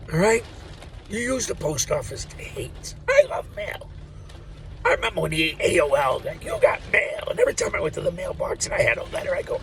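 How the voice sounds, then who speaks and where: A man's voice: on the high side, creaky. An older man, rambling through a profane, joking vlog monologue. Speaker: vlogger. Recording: distant mic with loud background noise.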